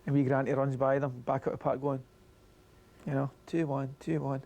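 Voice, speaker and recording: A man's voice: medium pitch, flat delivery, moderate pace, mellow. A Scottish man, a former footballer, telling anecdotes in an interview and acting out the voices of the people he quotes. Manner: chuckling storyteller, acts out quoted voices.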